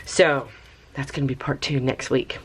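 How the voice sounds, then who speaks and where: A woman hosting a casual craft review vlog, chatty and excitable, talking to viewers like friends. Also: moderate pace, slight background noise. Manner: bubbly and excitable, squeals with high delight. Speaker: craft video host.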